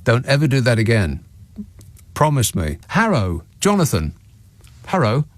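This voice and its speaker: A man's voice: medium pitch, huge pitch swings, a little slow, no echo. Dry, sardonic male radio host. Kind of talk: late-night radio phone-in. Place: radio studio. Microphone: studio microphone.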